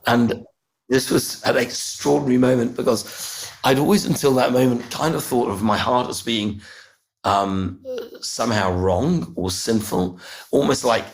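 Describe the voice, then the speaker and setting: A middle-aged man, telling a personal story as a podcast guest, earnest and halting, often restarting and repeating words. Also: mid-range voice, vocal fry. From United Kingdom. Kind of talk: reflective storytelling interview.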